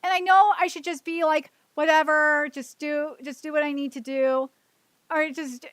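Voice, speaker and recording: A woman's voice: high-pitched, fairly even intonation, normal speed, fairly bright tone, no echo. A woman streaming alone, venting emotionally and with frustration, repeating herself and swearing. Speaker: streamer hosting her own show. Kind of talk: solo livestream venting.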